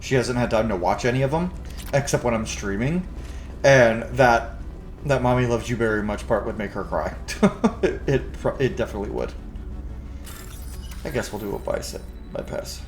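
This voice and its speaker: A man's voice: mid-range voice, lively intonation, moderate pace. Candid, swearing let's play man. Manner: candid and emotional, swears freely. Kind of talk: casual gameplay commentary.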